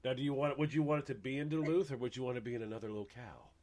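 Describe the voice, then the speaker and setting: A man's voice: mid-range voice, racing, darkish tone. A man hosting a radio talk show in casual banter, joking, laughing at his own puns and stumbling over restarts.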